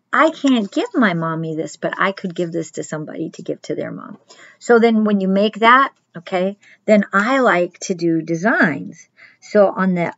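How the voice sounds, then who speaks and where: A middle-aged woman, a children's pastor, giving a chatty crafts lesson and speaking straight to the children in a gentle way. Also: on the low side, no echo, dull audio.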